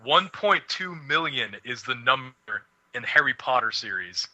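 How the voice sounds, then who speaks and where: Casting: young male co-host, very bright tone, close dry mic, loose swearing ramble. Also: mid-range voice, expressive, unhurried, no room sound, low-quality recording. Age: young adult. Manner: rambling, swears a lot, laughs often. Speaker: radio show host. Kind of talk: casual chat.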